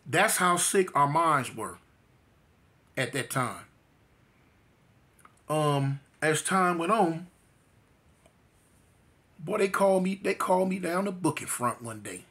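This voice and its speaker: Middle aged socal guy, slangy storytelling, lots of "you know what i'm saying", bright tone. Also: a little high, animated, slow, long pauses. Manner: slangy street talk with frequent fillers. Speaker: storyteller sharing his life story. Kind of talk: casual storytelling.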